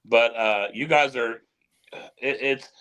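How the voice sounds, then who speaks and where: Relaxed man hosting an interview. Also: medium pitch, slow pace. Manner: relaxed, asks rambling questions. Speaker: host.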